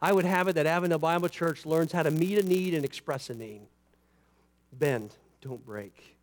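A man with a fairly high voice delivers a sermon from the pulpit. He drops into easy asides, then lifts his voice and slows down to drive a point home. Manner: rises and falls for emphasis, slows on scripture; conversational asides with "you know" and "right". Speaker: pastor.

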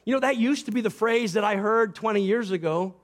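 A pastor preaching a sermon, explaining Greek grammar and acting out short quotes. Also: male voice, high voice, fairly quick.

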